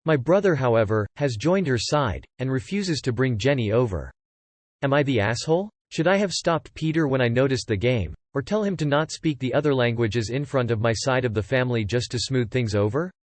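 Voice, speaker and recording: A man reading forum posts aloud in steady, matter-of-fact scripted narration. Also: mid-range voice, fairly quick, no room sound.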